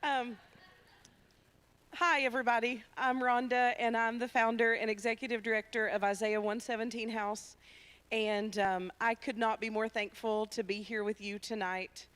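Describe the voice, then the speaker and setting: A woman's voice: a little high, moderate pace. Woman telling an emphatic testimony. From Tennessee, USA. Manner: lively, emphatic storytelling. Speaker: ministry founder and speaker. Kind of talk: personal testimony talk. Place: church sanctuary.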